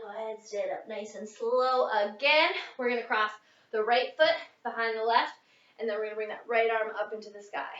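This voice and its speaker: A woman's voice: fairly high pitch, normal speed, a bit bright. A young woman leading a workout as a fitness instructor, a little out of breath, counting reps and coaching. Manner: upbeat coaching, counting reps, mid-exercise. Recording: echoey, distant, dull lo-fi.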